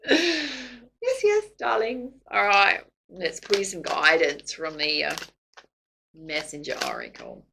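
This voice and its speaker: Gravelly-voiced chatty psychic woman. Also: mid-range voice, wildly swooping pitch, takes it slowly, long pauses, rough recording. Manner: chatty, laughs often, warm affirmations. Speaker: psychic tarot reader. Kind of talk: tarot reading to camera.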